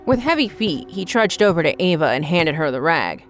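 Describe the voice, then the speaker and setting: Woman narrator, lowish pitch, steady scripted horror storytelling. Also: moderate pace, soft background music.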